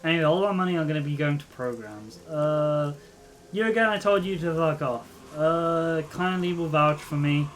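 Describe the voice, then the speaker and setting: A man's voice: fairly high pitch, normal speed, fairly bright tone, slight background noise. A male streamer giving casual gameplay commentary, rambling and restarting his sentences. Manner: rambling, trails off and restarts a lot.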